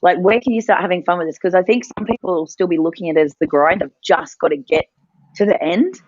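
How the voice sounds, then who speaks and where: A woman's voice: on the low side, quick pace, a little mellow, no echo. Chatty woman storyteller, dull dry audio. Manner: chatty, laughs often, rambling restarts. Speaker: co-host of a morning mindset session. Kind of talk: casual chat, storytelling.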